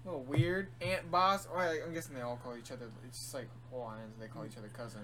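Animated sarcastic man on a podcast. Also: medium pitch, fast talker, crowd noise. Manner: sarcastic, lively with squealed mock quotes. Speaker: podcast co-host. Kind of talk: casual chat.

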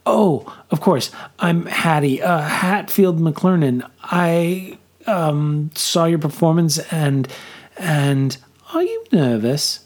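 Storybook lead: a flustered, stammering young man with a raised, husky voice, played by a man. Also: on the high side, very animated, pitched above the performer's own voice, full character voice. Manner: stammering, flustered, rushes words. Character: shy, stammering young man, awkward and eager.

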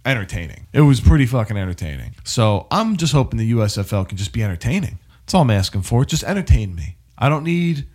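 A man's voice: medium pitch, big pitch swings, quick pace, hardly any pauses, darkish tone, slightly rough. A man, co-hosting a podcast in casual, rambling chat full of swearing. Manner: laid-back, rambling, swears a lot. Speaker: podcast co-host.

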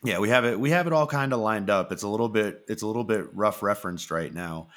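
Low-voiced rambling male podcast host. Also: fast talker, fairly bright tone. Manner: rambling storyteller, many fillers and restarts, acts out quotes. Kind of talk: casual chat.

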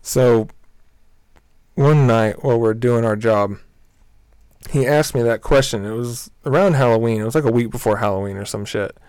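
A young man spins a rambling workplace-style anecdote in a loose, comedic way, swearing freely and breaking into laughs. His voice sits in an ordinary middle pitch for a man. The sound is dry and close, with no room around it. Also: normal speed, darkish tone, clean tone, dry recording. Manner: profane, rambling, laughs often. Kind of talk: casual comedic storytelling.

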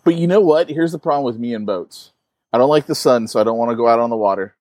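Male co-host, mid-range voice, dry close mic, relaxed storyteller outdoors. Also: mid-range voice, quick pace, no room sound. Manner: laid-back, playful storytelling. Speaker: podcast co-host. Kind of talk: casual podcast banter. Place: outdoors in his backyard.

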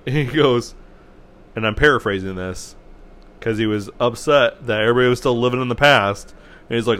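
A man hosting a solo sports history podcast, talking off the cuff in a rambling way, often correcting himself and clearing his throat. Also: mid-range voice, fairly bright tone. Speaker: podcast host.

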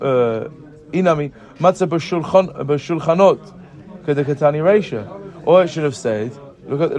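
A man leads a Talmud study class in an even, mid-pitched voice. He explains each point step by step, keeps checking with his students with "right?" and "yeah?", and stumbles and restarts as he reads out the text. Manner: asks the class questions, frequent "right?" checks; halting restarts while reading text. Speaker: Talmud teacher. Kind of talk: Gemara class mixing English and Hebrew terms.

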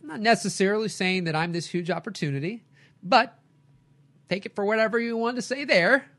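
A middle-aged man, a coach and podcast host, giving an energetic motivational talk with lively storytelling. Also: high-pitched, brisk. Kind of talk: motivational talk, live stream.

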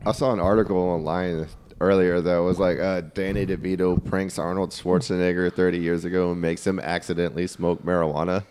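Low-voiced man cracking dry puns. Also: flat delivery, a little mellow, a little hiss or hum. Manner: dry joking, quick puns, laughs at own lines. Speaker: podcast host. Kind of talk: casual comedic chat.

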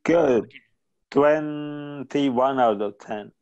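A man chatting casually on a comedy podcast, making slow, dry remarks. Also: mid-range voice, vocal fry, darkish tone, slight background noise. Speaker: podcast co-host. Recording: dull, dry close mic.

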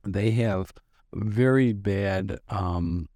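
A man's voice: fairly low pitch, extremely slow, warm tone, no room sound, studio quality. A man in his sixties, a podcast guest, telling stories about himself in a rambling, self-deprecating way with lots of restarts. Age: 60s. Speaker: podcast guest, business founder. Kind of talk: casual storytelling interview.

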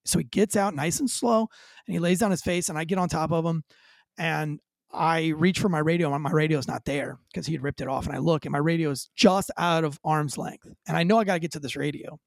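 This man's voice is gravelly, with no echo at all. He's a onetime cop on an interview, recounting a dramatic tale at high energy and performing the lines he quotes.

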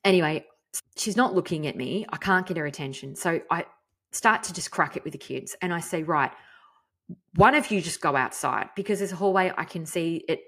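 Brief: mother, frank storyteller, low, deep voice, mild swearing. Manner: chatty, frank, animated, swears mildly. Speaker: podcast host. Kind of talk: casual storytelling monologue.

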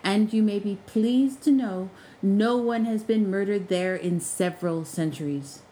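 A woman's voice: mid-range voice, unhurried, a little hiss or hum, close to an everyday voice, poor audio. A woman voicing a male house spirit working as a college porter, formal and dryly polite. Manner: formal, deadpan, sly.

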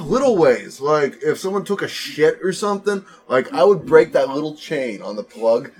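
A man's voice: a little high, big pitch swings, moderate pace, slightly rough. A man joking crudely with friends on a podcast, giggling and filling with "like.". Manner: giggly, frequent fillers, playful. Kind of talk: crude casual banter among friends.

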